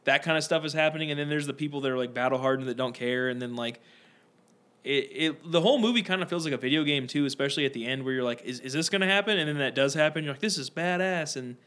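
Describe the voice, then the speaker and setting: A man's voice: a little high, fast. A man co-hosting a podcast, telling rambling stories in casual chat and mimicking the people in them. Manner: rambling, animated storytelling with mimicked voices. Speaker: podcast co-host.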